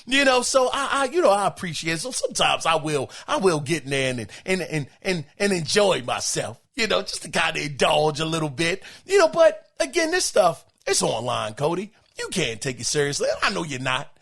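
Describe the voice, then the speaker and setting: A middle-aged man hosting a podcast, reacting to listener emails in an emphatic, exclaiming, animated way. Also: on the high side, normal speed, vocal fry, few pauses. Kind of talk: casual podcast commentary.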